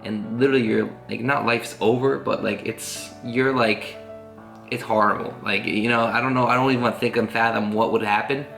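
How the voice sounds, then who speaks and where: A man's voice: mid-range voice, steady tone, fairly quick, gravelly, a bit bright. Earnest rambling man in an echoey room. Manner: rambling, earnest, full of "like" fillers. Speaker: family vlogger. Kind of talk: casual storytelling to camera. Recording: roomy echo with faint guitar music.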